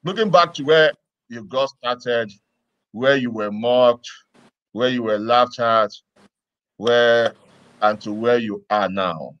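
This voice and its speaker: A man's voice: medium pitch, slow pace, long pauses, a bit bright, highs cut off. A man hosting an interview in a casual, jovial and teasing manner. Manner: jovial, teasing, laughs along. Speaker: host.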